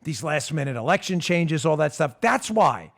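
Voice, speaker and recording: A man with a fairly high speaking voice hosts a political talk show. He is animated and emphatic, hammering home his points and breaking into laughter. He talks straight to his listeners and now and then turns to his producer. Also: moderate pace, gravelly. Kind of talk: opinionated monologue.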